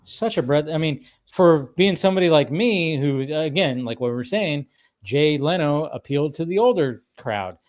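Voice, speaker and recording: Casting note: man, slightly high voice, animated stream host, rambles and restarts. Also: normal speed. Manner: rambling, animated, many restarts and acted-out quotes. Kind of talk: casual chat.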